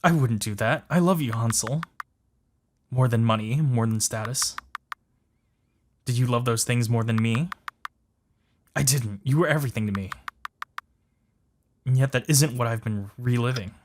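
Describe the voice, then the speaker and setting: Bitter ambitious male painter read by a man, resentful, declaiming, mid-pitched. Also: normal speed, pauses often, slight background noise, close to an everyday voice. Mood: pleading. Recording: music playing behind.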